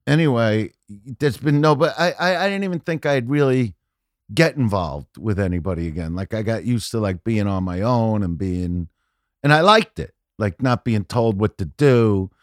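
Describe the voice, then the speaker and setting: A man telling stories as a podcast guest, profane and rambling, saying "you know" constantly and often building to loud punchlines. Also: on the low side, unhurried, no room sound, studio quality. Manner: animated, often shouting punchlines. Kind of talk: casual storytelling chat.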